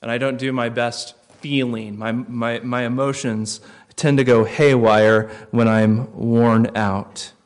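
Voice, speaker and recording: A man preaching a sermon, earnest, rising to loud emphasis and dropping to quiet, reflective lines. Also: mid-range voice, flat delivery, slow.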